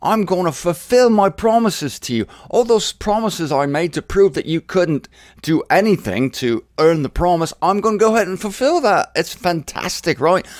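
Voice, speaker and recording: Casting: male preacher doing God as a breezy, lofty deity, higher pitched, dry close sound. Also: lively intonation, moderate pace, no room sound. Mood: playful. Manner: theatrical, breezy and condescending. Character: God as a jaunty, plummy-accented male deity.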